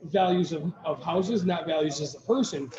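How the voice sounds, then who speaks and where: A man's voice: on the high side, moderate pace. A man co-hosting a podcast, telling a long story in casual chat, rambling with restarts and quoting what others said. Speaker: podcast co-host. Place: brewery taproom. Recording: echoey taproom with crowd chatter, dull sound.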